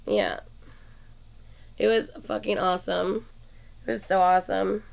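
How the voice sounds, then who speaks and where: Woman, channel host, excitable, cursing, slow, gravelly fry. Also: medium pitch. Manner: gushing, excitable, swears often. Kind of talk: casual chat to viewers.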